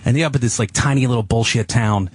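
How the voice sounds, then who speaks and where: A man's voice: medium pitch, fast talker, husky, dry recording. A man guest on a talk show, telling rambling, profane stories in casual chat. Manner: rambling, profane, puts on voices in quotes. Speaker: comedian guest. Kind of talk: casual storytelling.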